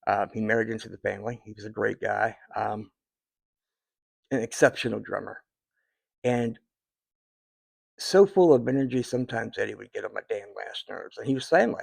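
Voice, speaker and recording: A man's voice: on the low side, normal speed, vocal fry, long pauses, a little mellow, husky, no echo. A man in his fifties talking to his viewers in a rambling, heartfelt way, with many fillers and restarts. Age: 50s. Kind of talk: casual personal talk to viewers.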